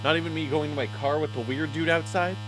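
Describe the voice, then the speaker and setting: A man's voice: fairly high pitch, fairly even intonation, fast, background noise. A man giving casual, joking let's-play commentary, reading game dialogue aloud and muttering to himself as he plays. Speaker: gaming YouTuber.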